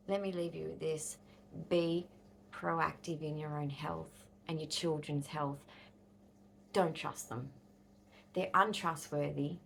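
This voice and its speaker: A woman's voice: low voice, a bit bright, slight background noise. An Australian woman in her fifties, talking bluntly and angrily to camera in a casual vlog, swearing freely. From Western Australia. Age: 50s. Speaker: vlogger.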